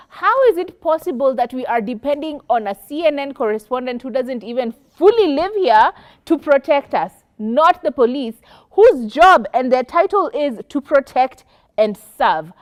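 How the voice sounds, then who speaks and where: A woman's voice: high voice, expressive, moderate pace. A woman hosting a talk show, retelling events with passion and indignation. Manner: impassioned, indignant retelling with vivid quotes. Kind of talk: studio talk show discussion.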